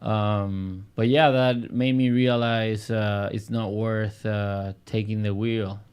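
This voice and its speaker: A man's voice: on the low side, little pitch movement, slow pace, darkish tone, clean tone. A man hosting a podcast in casual chat, speaking hesitantly with many fillers. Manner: hesitant, full of uhs. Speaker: podcast host.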